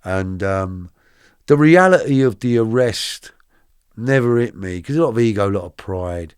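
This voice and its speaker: A middle-aged man recounting his arrest in colloquial, vivid storytelling, now and then shouting out the quoted lines. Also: lowish voice, expressive, normal speed, clean tone, dry recording, studio quality. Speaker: guest. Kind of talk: true crime storytelling.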